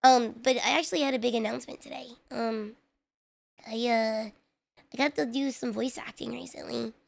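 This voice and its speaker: A woman streamer in casual live-stream chat, excitable and chatty, talking straight to her viewers. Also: on the high side, moderate pace, gravelly.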